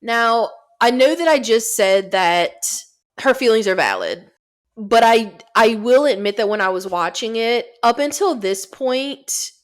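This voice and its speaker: Woman, podcast co-host, casual film recap, profane, lively, slightly high voice. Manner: profane, animated retelling with quick asides.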